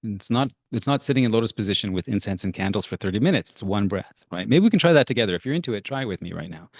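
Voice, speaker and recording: A man's voice: lowish voice, expressive, fast talker, hardly any pauses, no echo, highs cut off. A man presenting a parenting workshop in a casual, chatty way, full of fillers like "like" and "right?". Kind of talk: casual guided workshop talk.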